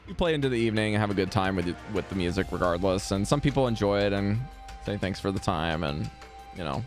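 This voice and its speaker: A man running a tabletop game as game master, narrating in a laughing, animated way. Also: fairly low pitch, fast, soft background music.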